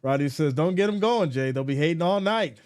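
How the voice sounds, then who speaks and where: A man with a fairly high voice hosts a casual sports live stream and reads viewer comments aloud. His pitch swings widely as he banters, and he slips into mock exasperation when teased. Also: lively intonation, a little fast, darkish tone. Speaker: live stream host reading chat.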